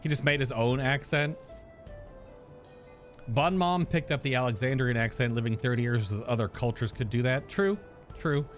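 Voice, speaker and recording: A man's voice: mid-range voice, moderate pace, long pauses, faint music behind. A man streaming a video game, giving a casual, rambling reaction commentary as he plays and laughing often.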